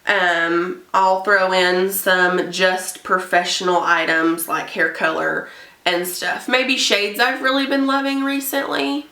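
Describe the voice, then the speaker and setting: Young woman vlogger, blunt casual makeup review, bright tone, roomy echo. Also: lowish voice, level tone, slow pace. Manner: chatty, blunt, gets heated about bad products. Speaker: beauty vlogger and hairstylist. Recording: echoey room, a bit far from mic.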